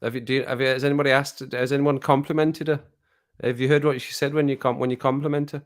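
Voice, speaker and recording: A man's voice: mid-range voice, flat delivery, fast. A man chatting casually on a live stream from home, rambling and laughing often at himself. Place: home room with sun on the window.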